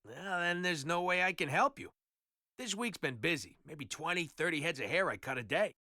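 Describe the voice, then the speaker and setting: An actor playing a boastful, chatty barber questioned in a detective video game. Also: male voice, fairly high pitch, expressive, normal speed, bright, forceful tone, no room sound, clean studio sound, heavily acted. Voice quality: theatrical, self-assured. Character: boastful chatty male barber, middle-aged.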